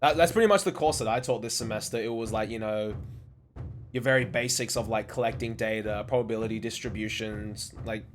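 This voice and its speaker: A man's voice: fairly low pitch, a little fast, slight background noise. A young man, chatting casually and swearing often while playing a game on a live stream. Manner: swears often, rambling anecdotes with fillers.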